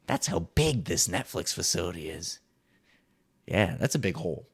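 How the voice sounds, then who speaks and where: A young man hosting a comedic solo podcast, ranting with swearing and swinging between loud bursts and muttered asides. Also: low-pitched, expressive, normal speed, creaky, husky. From New Jersey. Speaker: podcast host.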